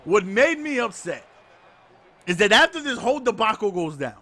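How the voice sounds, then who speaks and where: A man co-hosting a podcast, telling a story in casual chat, excitable and sarcastic, acting out the people he quotes. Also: sits high, normal speed. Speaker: podcast co-host.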